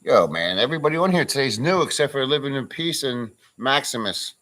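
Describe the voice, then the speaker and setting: A man's voice: mid-range voice, animated, fairly quick, bright, forceful tone. A man chatting casually on a live stream, joking crudely and reading out viewers' names. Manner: crude joking, reads chat names aloud. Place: farm pen with a pig.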